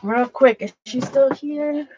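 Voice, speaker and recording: A woman's voice: high voice, slow, noisy background. A woman hosting a casual livestream from home, talking in an earnest, rambling, chatty way. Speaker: art channel host. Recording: dull lo-fi sound.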